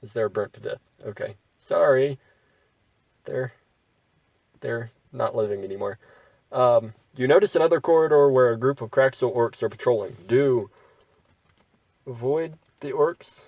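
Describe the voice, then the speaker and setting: Male gamer narrating a text adventure, slow unhurried delivery, dry close voice, wry asides. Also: mid-range voice, gravelly, no room sound, distant mic, highs cut off. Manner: wry, bemused asides between read-out passages. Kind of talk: reading game text aloud with commentary.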